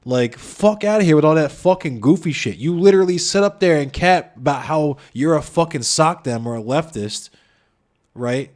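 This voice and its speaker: A man's voice: a little high, animated, normal speed, darkish tone. A young man streaming, ranting in a heated, passionate and profane way. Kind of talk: heated casual stream talk.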